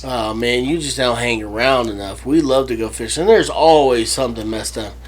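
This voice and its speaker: A man's voice: medium pitch, normal speed, poor audio. A man telling rambling stories on a casual podcast, laughing and swearing as he goes. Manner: rambling storyteller, swears, laughs at own jokes. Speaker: co-host.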